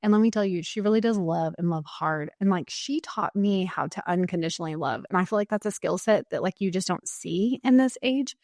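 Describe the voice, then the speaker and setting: A woman's voice: on the low side, animated, fairly quick, hardly any pauses, a little mellow, no echo, studio quality. A woman speaking as a podcast guest in a candid, heartfelt conversation. She is earnest and emotional and fills her speech with "like.". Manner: earnest and emotional, with many "like" fillers.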